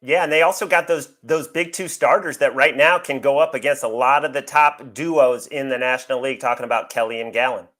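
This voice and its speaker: A man giving baseball betting picks, confident and rattling off stats in quick succession. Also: medium pitch, steady tone, fairly bright tone. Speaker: sports betting analyst.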